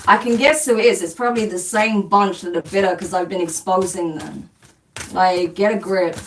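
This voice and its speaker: A woman's voice: on the low side, steady tone, moderate pace. A woman hosting a spiritual live stream, chatting casually as she reads out comments, blunt and dismissive, swearing and laughing often. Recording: distant mic with faint background noise.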